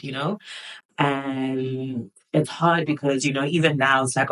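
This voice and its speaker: A woman's voice: extremely low pitch, fairly even intonation, moderate pace, low-quality recording. A woman in her twenties hosts a podcast and talks openly about her life. Her delivery is candid and reflective, loose and conversational, and full of "you know" and "um.". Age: 20s. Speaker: podcast host.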